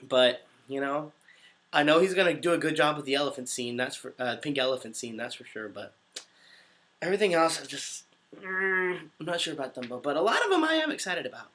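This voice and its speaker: A man in his twenties chatting casually on a livestream, answering viewer comments in an upbeat, easily excited way. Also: on the high side, fast, slight background noise. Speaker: voice actor hosting a livestream.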